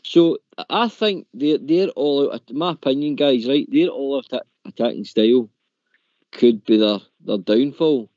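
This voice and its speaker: A man's voice: medium pitch, normal speed, a little mellow, dry recording, muffled recording. A man hosting a casual football phone-in show, talking tactics in an opinionated way and stumbling over his words. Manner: opinionated, repeats words, says "mate" and "in my opinion". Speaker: phone-in host.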